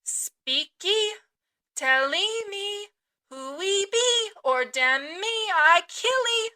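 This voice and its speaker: A woman voicing a fierce tattooed male cannibal harpooner who growls slow, broken speech. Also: sits high, sharp tone, full character voice. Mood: menacing.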